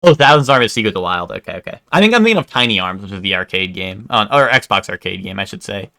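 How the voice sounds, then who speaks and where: A man's voice: lowish voice, expressive, fast talker, gravelly, pushed and bright. A man live-streaming, chatting casually with his viewers in a rambling way, full of "like" and "um" and casual swearing.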